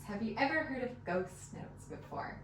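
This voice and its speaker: A woman's voice: on the high side, lively intonation, moderate pace. Encouraging woman fiddle teacher, echoey room. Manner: encouraging, patient, counts beats aloud. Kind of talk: one-on-one music lesson. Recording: echoey room, mic at a distance. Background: fiddle playing.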